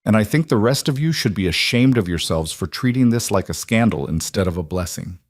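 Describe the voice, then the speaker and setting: A man's voice: on the low side, expressive, fairly quick, no echo, clean studio sound. A man voicing a frontier townswoman who stands up for the widow with resolve. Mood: resolute. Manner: earnest, resolute. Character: repentant townswoman, determined.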